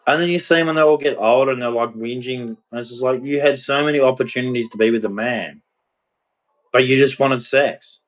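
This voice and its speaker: A man talks bluntly and at length, rambling from point to point and leaning hard on his emphasis. His voice sits at an ordinary middle pitch, and the delivery feels like a candid, unscripted rant. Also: brisk, low-quality recording. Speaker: podcast host. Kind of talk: candid relationship monologue.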